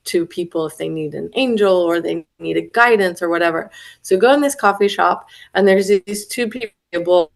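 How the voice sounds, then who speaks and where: A woman hosting a casual spiritual conversation, telling stories with lively, acted-out quotes. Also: fairly low pitch. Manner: animated storyteller, acts out quoted voices. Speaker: podcast host.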